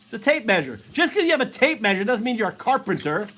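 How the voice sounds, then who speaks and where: A man's voice: sits high, very animated, fast, pushed and bright, slight background noise. A man teasing and provoking a stranger in a casual video chat. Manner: teasing, provocative, laughs often. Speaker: streamer chatting with strangers.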